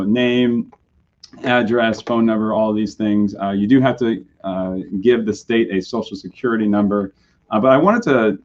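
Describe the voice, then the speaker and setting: A man with a hoarse, low voice gives a webcast briefing as head of a nonprofit. He talks in a halting way with frequent fillers. The audio is dull and lo-fi, like a computer mic. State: hoarse, recovering from a sore throat. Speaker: executive director of a nonprofit.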